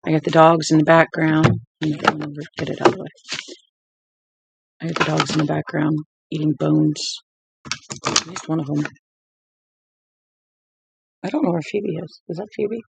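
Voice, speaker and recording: Tired, gravelly woman chatting at home. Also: sits low, steady tone, moderate pace, long pauses, background noise. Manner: chatty storyteller who drifts off topic. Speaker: book-reading livestream host. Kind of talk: rambling casual chat. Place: at home with dogs.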